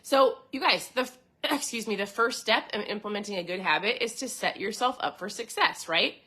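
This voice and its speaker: Bright-voiced woman hosting a chatty podcast. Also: mid-range voice, moderate pace. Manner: chatty, enthusiastic, addresses listeners directly. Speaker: podcast host. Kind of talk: casual motivational talk reading from a book.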